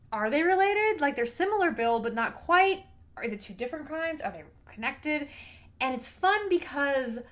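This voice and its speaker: A woman with a high, bright voice reviews books in a relaxed, chatty vlog. She gushes and exclaims, her delivery animated and playful. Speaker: book reviewer, host. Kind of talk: casual book review vlog.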